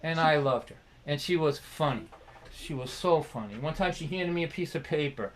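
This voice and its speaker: A man's voice: on the high side, moderate pace, a little hiss or hum, rough recording. A man hosting a livestream concert, telling a heartfelt personal story with laughs and restarts, acting out remembered dialogue. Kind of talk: storytelling monologue. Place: home livestream.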